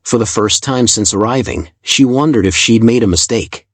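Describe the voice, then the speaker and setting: A man narrating a dramatic story in a calm, measured, scripted way. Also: mid-range voice, no room sound.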